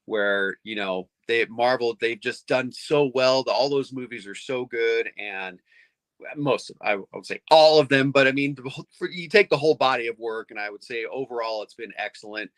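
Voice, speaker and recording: A middle-aged man chatting casually as a comics fan, rambling and excited, with lots of restarts. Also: mid-range voice, normal speed, no echo. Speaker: comics fan on a panel show. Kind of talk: casual chat.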